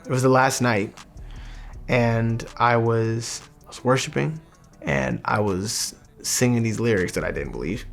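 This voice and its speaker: A young man telling his personal faith testimony in an earnest, halting way, often restarting his sentences. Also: mid-range voice, vocal fry, a bit bright. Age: young adult. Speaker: testimony speaker.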